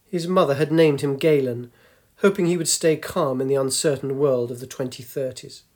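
A man narrating a story in a measured, gently descriptive way. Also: medium pitch, fairly even intonation. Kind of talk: scripted narration.

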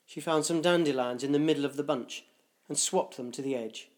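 A man reading a dark short story aloud, in a measured, deliberate narration. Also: fairly high pitch.

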